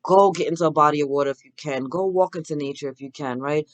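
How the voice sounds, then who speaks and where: A woman's voice: deep voice, fast talker, dry recording. A woman hosting an oracle card reading, giving an emphatic, casual spiritual pep talk. She repeats affirmations, keeps asking "right?", swears casually and calls her listeners "baby". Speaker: oracle card reader and host.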